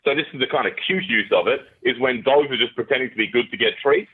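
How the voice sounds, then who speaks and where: A man calling in as a guest, explaining a social media trend in a relaxed way. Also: mid-range voice, fast talker, breathy edge. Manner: relaxed explaining, with uh fillers and laughs. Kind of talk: casual explainer chat. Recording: phone line.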